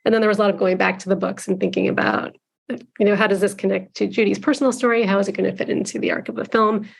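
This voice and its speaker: A woman's voice: medium pitch, animated, quick pace, gravelly, slightly rough. A woman film director talking earnestly and reflectively as a guest in an interview. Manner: earnest, reflective, with some restarts. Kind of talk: casual interview conversation.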